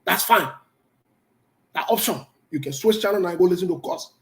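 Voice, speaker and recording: A man's voice: sits high, normal speed. A man hosting a live call-in talk show, stern and preachy, repeating his warnings and laughing between them.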